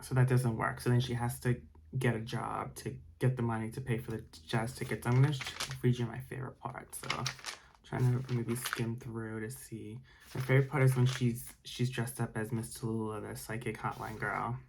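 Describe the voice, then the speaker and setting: A man's voice: mid-range voice, little pitch movement, normal speed, creaky, darkish tone, a little hiss or hum, rough recording. A man reading a storybook aloud for ASMR bedtime listening, with chatty, rambling asides. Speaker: storybook reader.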